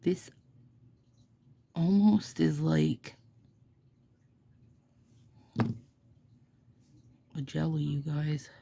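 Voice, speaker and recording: A middle-aged woman with a Minnesota accent talks to her viewers in a low, gravelly voice. She is unhurried and mellow, and she drifts between reading a passage aloud and chatting with rambling, self-deprecating asides. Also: slight background noise. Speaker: nail product vlogger. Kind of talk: casual chat while doing her nails, reading astrology text aloud.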